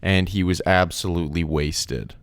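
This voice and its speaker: Casting: young male podcast co-host, deep smooth voice, animated casual chat. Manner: animated, quick asides, self-correcting.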